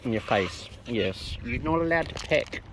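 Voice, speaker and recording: This woman has a bass voice with lively intonation and an unhurried pace. As a bird-feeding vlogger, she coos at wild birds in a coaxing, babyish way while feeding them outdoors, the close-held phone picking up loud bird noise.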